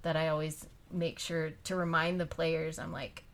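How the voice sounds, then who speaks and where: Chatty woman host, lowish voice. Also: level tone, a little slow, few pauses, a bit bright. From Utah, United States. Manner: chatty, rambling storytelling with frequent laughs. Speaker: podcast host and youth soccer coach. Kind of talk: casual interview chat.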